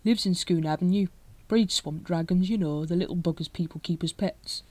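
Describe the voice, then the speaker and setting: A woman's voice: fairly low pitch, moderate pace, a little mellow, no room sound, close to an everyday voice. Ponderous bluff male sergeant, middle-aged, plodding delivery, voiced by a woman.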